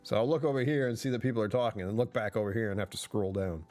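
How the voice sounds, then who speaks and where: A man's voice: fairly low pitch, fairly even intonation, rapid-fire, a little mellow. A man chatting casually on a livestream, rambling and correcting himself, often laughing mid-sentence.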